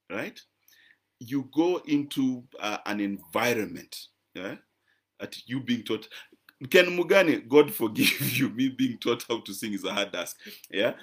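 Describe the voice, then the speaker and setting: A man teaches his listeners in a croaky, mid-pitched voice. He talks in a chatty way, stresses key words and keeps checking that they follow him. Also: expressive, slow. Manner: conversational and emphatic, frequent "right?" checks and repeated words. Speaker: preacher. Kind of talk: teaching sermon to a live-stream audience.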